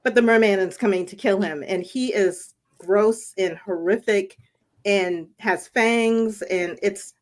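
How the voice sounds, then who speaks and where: A woman's voice: mid-range voice, takes it slowly. Woman, casual chat, enthusiastic, laughs a lot.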